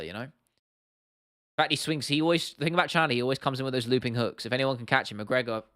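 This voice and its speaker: A man's voice: mid-range voice, a bit bright, clean tone, no room sound. Young male streamer, casual and blunt, swears a lot, dry close mic. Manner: blunt, opinionated, swears freely, restarts often. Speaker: livestream host. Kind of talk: casual livestream chat answering viewers.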